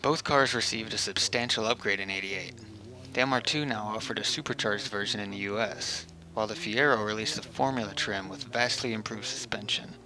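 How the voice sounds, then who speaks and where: A man narrating a scripted car comparison voice-over in a flat, self-described monotone with dry humor. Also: fairly low pitch. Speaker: car video host.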